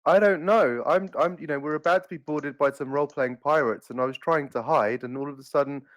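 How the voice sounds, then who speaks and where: A man, a player in a tabletop game, who speaks quickly and defends himself with jokes. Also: fairly high pitch, dry recording. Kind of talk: playing a tabletop game in character.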